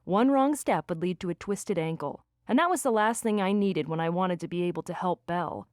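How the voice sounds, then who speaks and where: A woman reading a first-person romance audiobook with lively, expressive delivery on a close studio mic. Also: lowish voice, a little fast, dry recording. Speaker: audiobook narrator.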